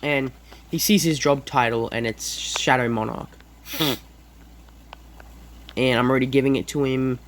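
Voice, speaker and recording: A man narrates an improvised fan story, pausing often with fillers and correcting himself. His voice sits at a middle pitch, with a faint background hum. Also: fairly even intonation. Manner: hesitant, many fillers and self-corrections.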